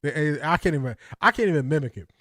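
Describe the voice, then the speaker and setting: A male livestream host giving casual, slangy sports commentary to his chat, animated and often laughing. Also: fairly high pitch, a little fast, dry recording, clean studio sound.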